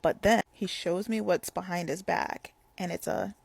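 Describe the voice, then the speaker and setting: A woman's voice: lowish voice, fairly even intonation, a little slow, gravelly, breathy edge, dry recording. A young woman telling a casual storytime, rambling with lots of "like" fillers.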